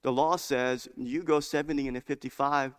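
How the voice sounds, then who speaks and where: A stern small-town judge who lays down the law in measured, low-key tones, firm but never loud, as a preacher plays him in a sermon story. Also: male voice, fairly even intonation, clean tone, lightly acted.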